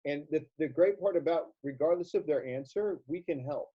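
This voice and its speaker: A man's voice: on the high side, moderate pace, husky. A man hosting an interview as a sales coach, reflective and affirming, asking his guest for the next point. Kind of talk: conversational interview. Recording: dull lo-fi sound.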